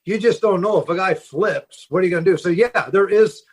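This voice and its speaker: Middle-aged man, captain, casual storyteller, rambling, a higher voice. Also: fairly quick, breathy edge. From Seattle. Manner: rambling, with many fillers and restarts. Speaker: fishing boat captain, guest. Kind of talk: casual storytelling in a podcast interview.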